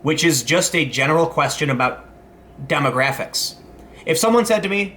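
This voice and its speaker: A man's voice: on the high side, animated, normal speed, pushed and bright, slight background noise. A man in his thirties hosting a casual commentary vlog, rambling with many restarts and asides. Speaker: commentary host.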